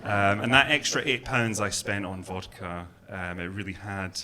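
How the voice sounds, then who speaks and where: A man's voice: fairly low pitch, steady tone, moderate pace, sharp tone. A man from Glasgow with a mild Glaswegian accent, doing a stand-up comedy set in a club, chatty and self-deprecating with many ums and uhs. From Scotland, Glasgow. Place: comedy club with live audience. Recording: live club set with audience laughter.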